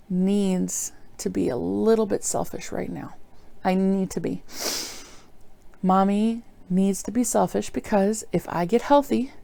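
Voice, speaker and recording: Gravelly, earnest woman on a video diary. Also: mid-range voice, dark tone, no room sound. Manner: earnest, apologetic, emotional; rambling with many fillers. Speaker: vlogger.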